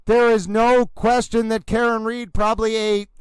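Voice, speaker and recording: A man's voice: sits high, level tone, moderate pace, smooth, no echo, rough recording. A man hosting a comedic livestream, talking like an overwrought horse-race announcer with theatrical exclamations. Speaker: livestream trial commentator.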